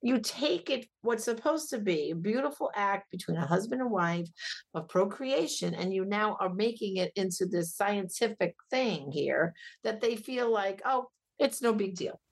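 Emphatic husky-voiced woman guest. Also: mid-range voice, normal speed. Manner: emphatic, animated storytelling. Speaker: guest, pro-life ministry director. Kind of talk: radio talk show interview.

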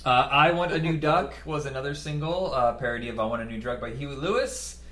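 A man's voice: medium pitch, brisk, a bit bright, echoey room. A middle-aged man in casual conversation, rambling and joking, now and then mimicking lines in other voices. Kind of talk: casual chat.

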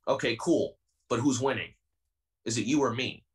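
A young man in his twenties speaks as a wrestling guest on a podcast. His delivery is heated and defiant, and he pushes every point hard. His voice sits at an ordinary pitch and sounds slightly distant from the microphone. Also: moderate pace. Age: 20s. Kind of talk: podcast interview.

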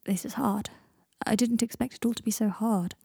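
A woman's voice: fairly high pitch, fairly even intonation, moderate pace, creaky, mellow, husky, dry recording. A woman voicing a weary young wizard who is dying, with dry, theatrical banter. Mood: tired.

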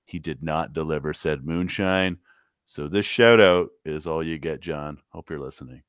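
A man's voice: a bass voice, normal speed, smooth, dry recording. A man co-hosting a podcast, chatting casually and telling stories with a dry, joking manner. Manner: dry, joking, relaxed storyteller. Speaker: podcast co-host. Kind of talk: casual chat. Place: podcast studio.

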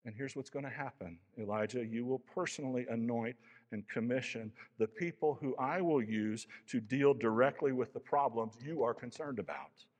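A man's voice: mid-range voice, moderate pace, a little mellow, big-room sound, muffled recording. A man preaching a sermon as pastor, with an impassioned, rising and falling delivery. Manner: impassioned preaching, voicing Elijah's lament.

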